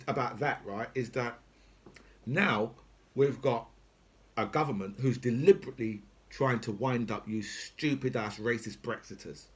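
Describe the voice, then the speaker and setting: A man's voice: mid-range voice, a bit bright. A middle-aged man, talking unscripted and at length. He swears freely and keeps tossing in "right?" and "do you know what I mean?" as he goes. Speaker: political commentator. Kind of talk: unscripted rant.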